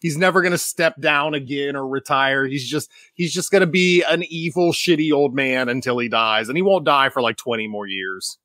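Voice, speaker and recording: Podcast cohost guy, bright sharp voice, sarcastic and animated, dry close mic. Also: medium pitch, normal speed, hardly any pauses, dry recording. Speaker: podcast co-host. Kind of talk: casual chat.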